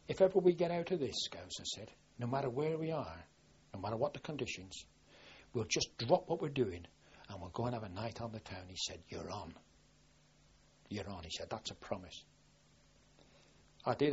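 With a lowish, breathy voice on a muffled recording, an older man remembers his navy service during the war. The oral history interview rambles with frequent restarts, and he gets lively whenever he quotes himself or others.

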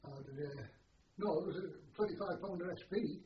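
An older army veteran telling oral history stories in a rambling, hesitant way, full of uhs and chuckles. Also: male voice, a little high, normal speed, a little hiss or hum. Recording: roomy, distant, dull lo-fi tape.

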